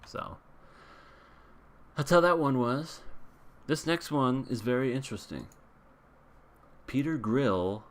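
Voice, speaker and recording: A man's voice: mid-range voice, slow, long pauses. A man recapping and reviewing an anime episode in a casual, blunt, rambling way, with frequent restarts.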